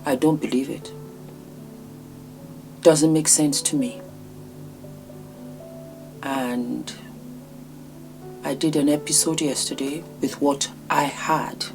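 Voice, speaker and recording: A woman vlog host talking in a subdued, hesitant way, sad and short on sleep, with halting pauses. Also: sits low, steady tone, darkish tone, soft background music. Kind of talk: commentary vlog.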